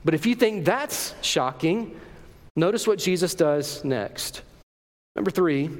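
A pastor preaches in a conversational way, asking his congregation questions as he goes. His voice sits high for a man. The sound carries the long reverb of a church hall. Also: expressive, slow. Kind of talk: sermon. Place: church sanctuary.

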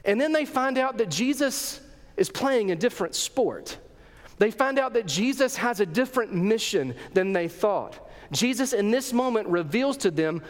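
A man preaching a sermon as a pastor, telling the story in a lively way and acting out the voices. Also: very high-pitched, a little slow, in a large hall.

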